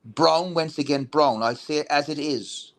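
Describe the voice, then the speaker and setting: A man's voice: on the high side, a little slow. A man talking politics heatedly and bluntly, swearing and restarting his sentences often. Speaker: veteran political talk show guest.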